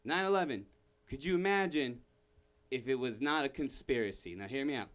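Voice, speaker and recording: A young man performing a stand-up comedy set, rambling and self-interrupting, bursting into shouted character bits. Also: medium pitch, lively intonation, brisk. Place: comedy room with live audience.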